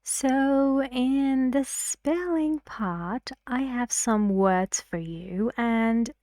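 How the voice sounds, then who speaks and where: A woman teaching an English pronunciation lesson, speaking slowly and clearly and reading example sentences aloud. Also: a little high, warm tone, no echo, studio quality.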